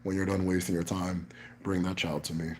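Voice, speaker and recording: A man voicing his stern old traditionalist great-uncle, with a deep, flat, menacing delivery. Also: a little fast, lightly acted.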